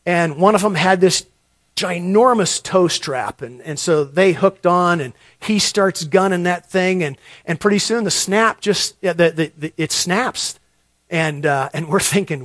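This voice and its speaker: A middle-aged man preaching a sermon, telling a story and repeating words as he builds to loud emphasis. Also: on the high side, normal speed, no echo. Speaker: pastor.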